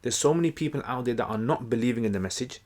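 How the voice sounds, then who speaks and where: A man giving a casual explanatory lesson, conversational and relaxed, with many fillers and restarts. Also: mid-range voice, racing. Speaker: Quran teacher.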